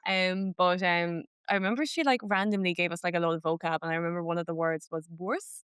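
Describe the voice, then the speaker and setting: A woman's voice: on the low side, steady tone, a little fast, a bit bright, clear, resonant tone, no room sound. A young woman with an Irish accent hosting a podcast in casual chat, peppering her talk with "like". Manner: chatty, fills speech with "like", slips into Irish phrases. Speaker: podcast host.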